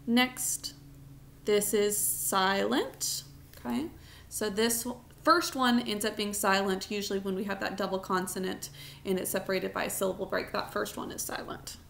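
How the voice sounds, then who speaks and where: A woman teaching a recorded spelling lesson, sounding out words slowly, syllable by syllable, for students at home. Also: mid-range voice, fairly even intonation, creaky, a bit bright, a little hiss or hum.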